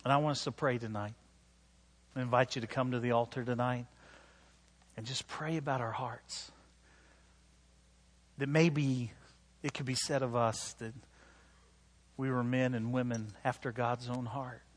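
A male pastor preaching a sermon, telling a self-deprecating story in an animated way and closing with a call to prayer. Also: mid-range voice, unhurried, pauses often.

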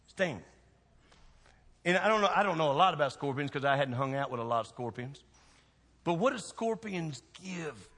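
A man's voice: a little high, a bit bright, long reverb tail. A man, a pastor preaching a sermon with folksy, emphatic storytelling.

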